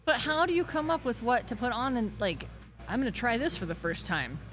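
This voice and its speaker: Animated laughing woman, expressive pitch. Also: a little fast, soft background music. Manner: animated storyteller, exclamatory, laughs a lot. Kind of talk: casual chat.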